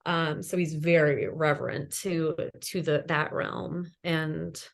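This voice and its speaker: Lowish-voiced woman in her 30s, loose rambly podcast chat, lots of "like". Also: little pitch movement, slow pace, gravelly. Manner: rambling, lots of "like" and "you know". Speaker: podcast guest, ghost hunter. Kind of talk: casual chat.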